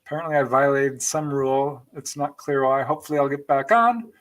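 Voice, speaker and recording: A man's voice: medium pitch, fairly quick, a bit bright. A man hosting a live-stream show, reading out viewer comments in a chatty, thankful way and laughing between them. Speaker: podcast host.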